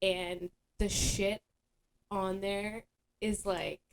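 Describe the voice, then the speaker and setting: A young adult woman hosts a casual podcast chat at an ordinary mid pitch. She rambles in an animated way, stacking fillers as she explains. Her tone is loose and conversational. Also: extremely slow, a little hiss or hum. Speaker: podcast host.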